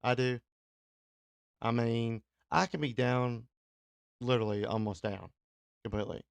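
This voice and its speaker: A man's voice: mid-range voice, fairly even intonation, unhurried, gravelly, smooth, no room sound. Chatty rambling Kentucky man. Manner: chatty, self-deprecating, laughs often, many fillers. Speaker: radio host and DJ. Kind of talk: rambling casual livestream talk. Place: small home studio.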